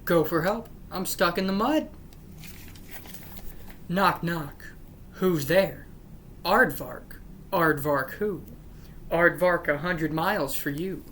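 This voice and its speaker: Slow and given to frequent pauses, this woman's lowish, slightly bright voice carries her channel as she reads a run of jokes. Unimpressed, she breaks off to grumble that they aren't funny. Slight background noise can be heard.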